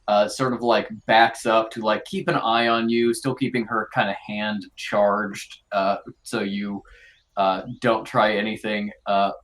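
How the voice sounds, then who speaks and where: A man narrating as game master of a tabletop game, halting often with filler sounds. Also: mid-range voice, low-quality recording.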